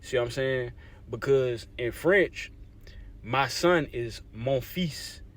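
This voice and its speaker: Speaking slowly in a mid-range voice, a young Louisiana man gives a casual talk to camera. He's a language advocate who explains things in a conversational way, keeps checking in with his listeners, and says "you see what I'm saying" again and again.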